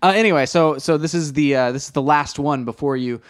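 A young man with a slightly raised pitch, chatting casually on a podcast. He is eager and playful, tossing in jokes and quick asides and circling back on his own sentences. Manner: enthusiastic, jokey, lots of fillers and restarts. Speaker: podcast co-host. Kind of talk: casual chat.

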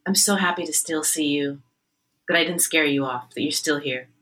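A woman opera singer recounts her career in a relaxed interview. Her voice is bright and sits a little low, and she tells her stories with animation, slipping into other people's voices. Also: normal speed, low-quality recording. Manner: animated storyteller, acts out quoted voices. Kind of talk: conversational interview storytelling.

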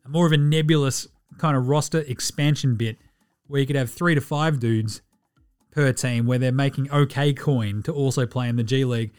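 A man's voice: medium pitch, a little mellow. An Australian man hosting a sports podcast in casual chat, profane and ranting, laughing often. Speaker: podcast host.

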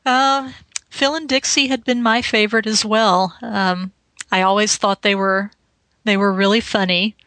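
A woman's voice: medium pitch, fairly even intonation, a little slow, sharp tone, no echo, rough recording. A woman in her forties on a podcast, chatting casually and thoughtfully with frequent fillers. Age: 40s. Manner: thoughtful, hesitant, fillers and "you know". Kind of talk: casual chat.

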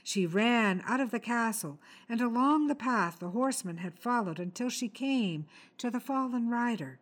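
A woman reading a short story aloud in a measured, expressive storytelling manner. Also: a little high. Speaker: story reader. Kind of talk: scripted narration.

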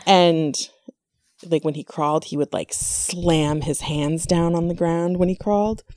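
A woman's voice: lowish voice, steady tone, a little slow, a little mellow, no echo. A woman hosting a casual conversation, chatty, with many fillers and asides.

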